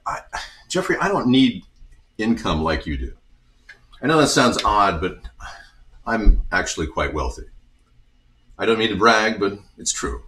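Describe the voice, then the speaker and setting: A man's voice: on the low side, big pitch swings, unhurried, long pauses, sharp tone, heavily acted. A man voicing a smug wealthy man who brags that he never has to work, in a haughty, boastful manner, in an echoey room away from the mic. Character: smug wealthy man bragging about not working.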